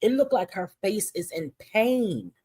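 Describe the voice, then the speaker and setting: A woman's voice: medium pitch, very animated, measured pace, dark tone, slightly rough. A woman hosting casual livestream commentary, talking in a profane, mocking way.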